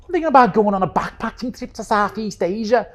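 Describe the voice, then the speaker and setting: A man putting on a Liverpool accent to voice a chirpy young male backpacker looking for a travel mate, loud, high and breezy. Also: animated, fast. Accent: Liverpool (Scouse), put on. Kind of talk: comic storytelling impression.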